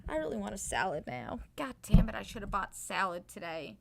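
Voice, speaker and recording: A woman's voice: mid-range voice, very animated, vocal fry, background noise. A woman hosting a casual live stream who rants with plenty of swearing. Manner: profane, ranting, quick to outrage. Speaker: livestream host.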